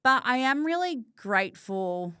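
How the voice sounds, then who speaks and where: A woman's voice: fairly high pitch, sing-song, a little slow, bright, forceful tone, clear, resonant tone, no echo, clean studio sound. A young woman, a podcast guest speaking openly and from the heart in a conversational interview, filling her talk with "like". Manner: open and heartfelt, peppered with "like".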